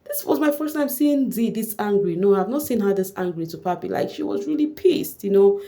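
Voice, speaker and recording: A woman vlogger with a chatty, animated manner, recapping a reality show in casual gossip commentary. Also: mid-range voice, brisk.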